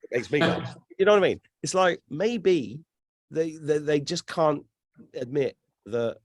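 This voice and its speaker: Man, animated storyteller, swears a lot, lively swinging voice, dry close sound. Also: fairly high pitch, unhurried, no echo. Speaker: guest. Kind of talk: casual podcast chat.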